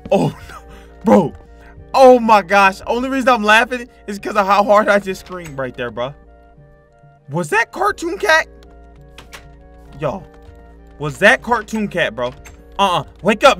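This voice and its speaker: Young male gaming streamer; wide-ranging, slangy, screams easily; soft music under. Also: on the high side. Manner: jumpy, yelps and screams at scares, slangy. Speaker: gaming YouTuber. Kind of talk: Minecraft horror let's play commentary.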